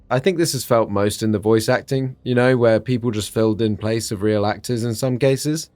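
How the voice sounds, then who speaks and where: An English man talks through a game retrospective, chatty and sardonic, with a casual swear here and there. His voice sits at an everyday middle pitch, and the close mic sounds dry and intimate. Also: darkish tone, no echo. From England. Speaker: gaming YouTuber.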